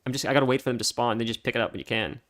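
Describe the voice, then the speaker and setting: A man's voice: mid-range voice, racing, fairly bright tone. A man streaming a game, telling rambling stories with a casual, chatty manner and frequent laughter. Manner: rambling storytelling, laughs often. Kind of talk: casual gameplay commentary.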